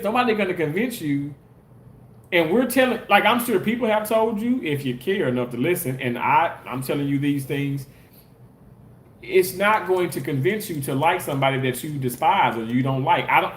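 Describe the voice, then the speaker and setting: A man with a fairly high voice chats casually on a live stream, reading comments aloud and answering his critics defensively. His voice carries a roomy echo. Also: fairly bright tone. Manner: defensive, argues back at commenters. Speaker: live streamer and content creator.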